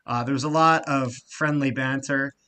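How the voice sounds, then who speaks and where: A man co-hosting a casual sports podcast, talking with lots of fillers, getting loud and excited and swearing freely. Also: medium pitch, normal speed, clear, resonant tone. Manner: frequent fillers and restarts. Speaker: podcast co-host.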